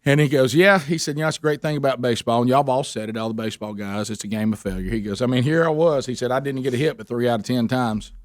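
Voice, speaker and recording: A man's voice: mid-range voice, fast, hardly any pauses, no room sound, clean studio sound. A man, hosting a radio show and telling rambling, chuckling anecdotes in casual chat.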